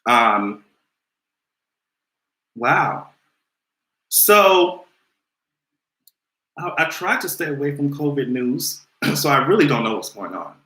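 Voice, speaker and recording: Young guy on a livestream, sassy and swearing a lot, super bright sharp voice, roomy echo. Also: mid-range voice, slow, pauses often. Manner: animated, sassy, profane. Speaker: vlogger hosting a livestream. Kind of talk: casual livestream commentary.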